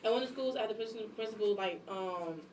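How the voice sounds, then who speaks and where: A young woman chatting casually on a podcast about her jobs, blunt and animated, sometimes acting out how she scolds people. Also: medium pitch, quick pace, echoey room, recorded from a distance, a little hiss or hum, low-quality recording. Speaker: guest, substitute teacher and airport worker.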